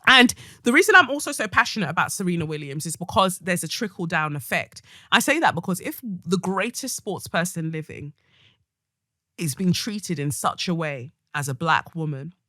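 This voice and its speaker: A woman's voice: on the low side, animated, normal speed, sharp tone, no room sound, clean studio sound. Blunt, fiery woman podcast host. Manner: blunt, passionate, comic ranting. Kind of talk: solo podcast monologue, reading a listener letter.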